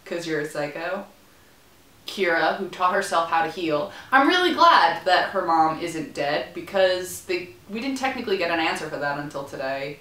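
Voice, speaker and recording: A young woman talks through a TV episode in a casual, rambling vlog full of playful asides. Her voice is bright and forceful and sits a little low. The room around her rings with echo. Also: big pitch swings, moderate pace, few pauses. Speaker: vlogger. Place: room in a student building.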